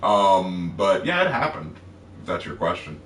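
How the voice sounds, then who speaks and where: A man co-hosting a casual livestream Q&A, explaining history at a relaxed pace with fillers. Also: deep voice, a little slow, reverberant, recorded from a distance, slight background noise. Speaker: co-host.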